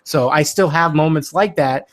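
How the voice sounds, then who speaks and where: A man's voice: fairly high pitch, normal speed. Earnest, reflective podcast guest, male. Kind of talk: casual podcast conversation.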